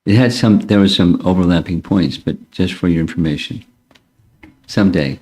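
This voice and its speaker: A man's voice: low-pitched, moderate pace, a little mellow. An older man, a spiritual teacher, answering students' questions in a blunt, curt way. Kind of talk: casual Q&A with students.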